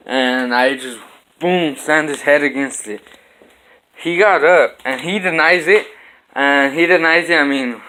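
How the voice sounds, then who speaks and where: A man's voice: medium pitch, a bit bright. A young man vlogging from his home kitchen, telling a fight story casually and acting out the punches with sound effects.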